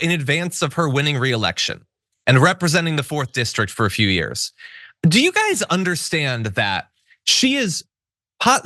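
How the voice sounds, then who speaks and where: A man hosting a political commentary show, talking in a sarcastic, animated way. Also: a little high, dry recording, clean studio sound. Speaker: show host.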